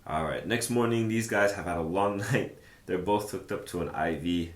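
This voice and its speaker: In an echoey, roomy recording, a deep, low-voiced man teaches a language lesson casually. He's easygoing and talkative, working things out aloud with plenty of "uh" and "like" fillers.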